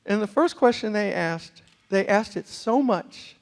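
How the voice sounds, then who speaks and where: A middle-aged man tells a comic story to a university crowd. His voice sits high for a man and has a gravelly edge. His accent mixes New York with West Virginia, and he jumps into other people's voices with lively comic timing. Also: measured pace. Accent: mixed New York and West Virginia. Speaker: storyteller and motivational speaker. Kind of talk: humorous storytelling talk. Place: university lecture hall with a live audience.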